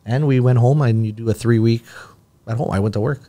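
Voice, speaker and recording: A man's voice: mid-range voice, a little fast, warm tone. A man, a podcast guest telling a long personal story in casual talk and acting out the dialogue.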